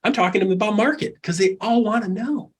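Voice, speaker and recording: A man with a high, husky voice coaches real estate agents with a lot of energy. He is middle-aged and keeps acting out clients and calls as he goes. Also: fast. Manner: animated, acts out quoted people and calls. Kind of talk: energetic coaching talk in an interview.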